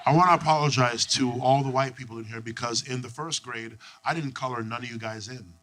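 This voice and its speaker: A young adult man from Canada doing a stand-up set, telling stories in a brash, profane, animated way. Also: medium pitch, a little fast, very noisy. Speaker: stand-up comedian.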